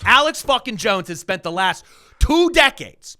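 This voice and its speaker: A man co-hosting a podcast, ranting angrily and swearing a lot as he swings between loud outbursts and low mutters. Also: sing-song, a little slow. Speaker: podcast co-host. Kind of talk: heated political rant.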